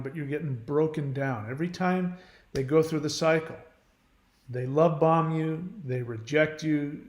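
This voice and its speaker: A man speaks in an earnest, emphatic monologue, stopping and restarting as he goes. His voice sits a little high for a man. The room is echoey around him. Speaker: channel host. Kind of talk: personal monologue.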